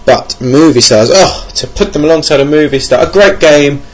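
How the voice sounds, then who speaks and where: Speaking into his home computer mic, a young man rambles through a solo board game podcast, full of ums and self-deprecating remarks. His voice leans high and his pace is normal.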